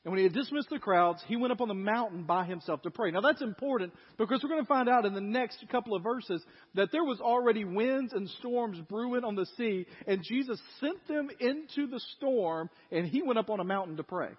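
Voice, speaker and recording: A pastor preaching a sermon in animated storytelling style, acting out people's voices, recorded in a church with an echoey, dull lo-fi sound. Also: male voice, sits high, a little fast, breathy edge.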